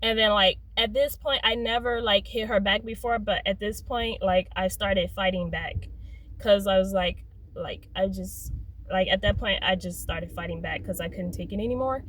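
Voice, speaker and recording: A young adult woman telling a personal story in a casual, rambling way, full of "like" and "um", swapping curse words for softer ones. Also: medium pitch, moderate pace, rough recording. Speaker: storyteller vlogger.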